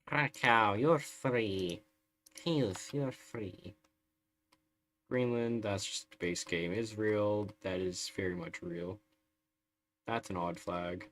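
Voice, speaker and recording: A man's voice: lowish voice, slow pace, fairly bright tone, a little hiss or hum. A man streaming a strategy game live, chatting through it in a wry, sarcastic way. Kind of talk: live gameplay commentary.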